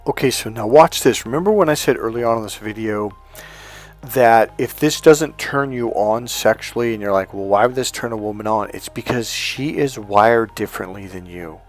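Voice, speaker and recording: A man's voice: lowish voice, normal speed. Guy coaching on dating, punchy repeating lecture style, faint music behind him. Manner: emphatic, repetitive lecturing with anecdotes. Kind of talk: teaching to camera.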